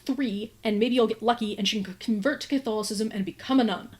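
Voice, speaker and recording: A woman's voice: on the high side, fast, a little mellow, lightly acted. A woman voicing a weary older brother and lord who speaks in a dry, sardonic way. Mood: wry.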